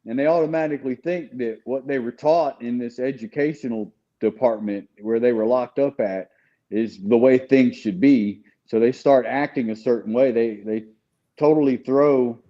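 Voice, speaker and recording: A man's voice: mid-range voice, normal speed, dark tone. Man telling his story on dull audio. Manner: earnest, candid storytelling. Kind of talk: casual conversation.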